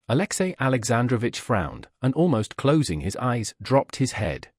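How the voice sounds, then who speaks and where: A man reads a classic novel aloud in steady, scripted narration. His voice is husky and mid-pitched, with animated intonation. The recording is dry and close, with no room sound. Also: normal speed, no echo. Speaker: audiobook narrator.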